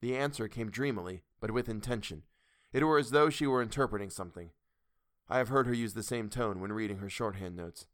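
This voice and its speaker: A man reading a classic novel aloud in a measured, steady storytelling voice. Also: lowish voice, no room sound, studio quality. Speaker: audiobook narrator. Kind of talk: audiobook reading.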